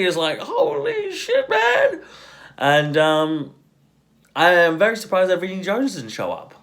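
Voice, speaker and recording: A man's voice: mid-range voice, a bit bright. Rambling man reviewing a movie. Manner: rambling, many fillers and restarts, swears freely. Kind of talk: casual spoken film review.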